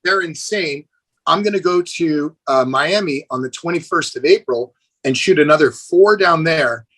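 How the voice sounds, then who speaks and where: A man's voice: fairly high pitch, normal speed, poor audio. A middle-aged man, a fitness trainer, talking as a guest in a casual podcast interview, telling stories with enthusiasm and calling the host "dude". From United States. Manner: enthusiastic, animated storyteller, says "dude".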